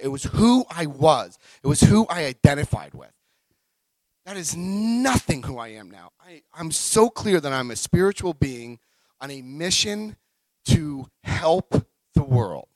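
A middle-aged man tells his own recovery story, animated and expressive, his voice sitting a little high and rising and falling widely. He acts out the moments, swinging from hushed to loud. The sound is dry and close, with no room around him. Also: unhurried, dry recording, low-quality recording. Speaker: recovery speaker. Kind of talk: personal recovery talk.

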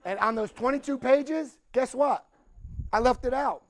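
An older man telling a story at a recovery meeting, animated and acting out the dialogue, laughing as he goes. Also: very high-pitched, unhurried. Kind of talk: storytelling talk.

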